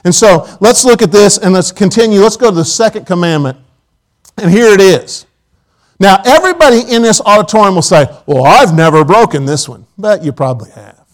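High-voiced man preaching a folksy sermon. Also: very animated, fairly quick, rough recording. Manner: folksy storytelling with quoted asides. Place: church auditorium.

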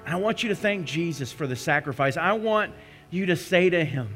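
A man preaching a communion sermon as a pastor, swinging between passionate cries and hushed prayer. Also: on the high side, animated, a little fast, faint music behind. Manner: impassioned storytelling, rising to cries then hushing to prayer.

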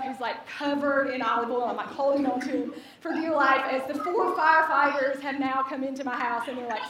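A young woman telling a funny personal story to a live audience, animated and laughing as she acts out the people in it. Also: high voice, noisy background. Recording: echoey hall, distant mic, audience.

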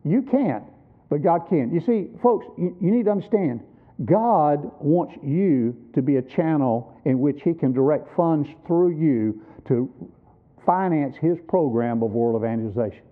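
Animated older man preaching, tinny sound. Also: a little high, measured pace. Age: 60s. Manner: emphatic, teaching with rhetorical questions. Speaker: visiting preacher at a missions conference. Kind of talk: sermon. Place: church.

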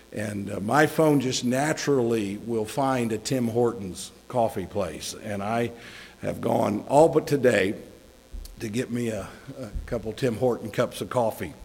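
A man's voice: medium pitch, gravelly, a little mellow. A middle-aged man giving a conversational sermon as a guest preacher, folksy and joking with chuckling asides. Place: church sanctuary. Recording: long hall reverb.

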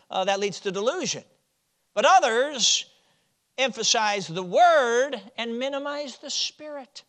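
A man from Chicago preaching a sermon, moving from loud stressed phrases to quiet, low drops. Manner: swings from loud emphasis to quiet drops, with chuckles.

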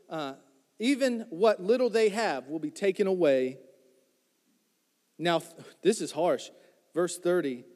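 A man's voice: high voice, darkish tone, in a large hall. A man preaching a sermon, reading scripture and retelling it in a joking, conversational way, calling out to the congregation. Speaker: pastor.

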